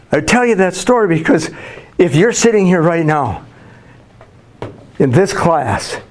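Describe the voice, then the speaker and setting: A man's voice: a little high, darkish tone. A man in his sixties, a school counselor, telling folksy stories with fillers and restarts as a guest speaker in a classroom. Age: 60s. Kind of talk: motivational talk to students.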